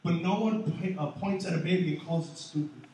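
A man preaching a sermon as pastor, animated, swinging between loud and soft. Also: on the high side, fairly quick. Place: large church hall. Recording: echoey hall, mic far off.

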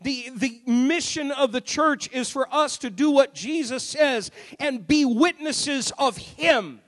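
A man preaching a sermon, swinging from quiet storytelling to shouted crescendos. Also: extremely high pitch, takes it slowly. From rural upbringing. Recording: long hall reverb.

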